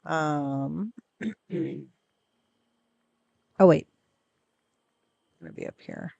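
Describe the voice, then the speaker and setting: Casual game streamer, dark gravelly tone, slow rambling delivery, close dry mic. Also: mid-range voice, wildly swooping pitch, dry recording, dull audio. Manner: rambling and chatty, full of fillers, coos at in-game pets. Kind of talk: casual gameplay commentary.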